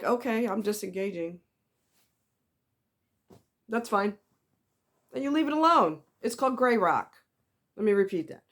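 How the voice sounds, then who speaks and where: A woman speaking in a casual, blunt monologue about dealing with difficult people. Her voice sits in a middle pitch, and she slips into other people's voices to quote them with a sassy edge. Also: fairly bright tone. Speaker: vlogger giving relationship advice.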